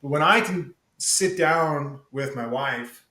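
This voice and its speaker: A man's voice: a little high, takes it slowly, pushed and bright, echoey room, low-quality recording. A man talking candidly as a podcast guest, emphatic and profane, calling the host "dude" often. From United States. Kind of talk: casual candid conversation.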